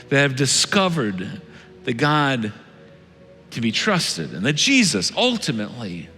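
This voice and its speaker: Earnest pastor preaching with lively pitch. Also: male voice. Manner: earnest, swings between loud urging and hushed tones. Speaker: lead pastor. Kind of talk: sermon. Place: church sanctuary. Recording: reverberant church hall with soft music.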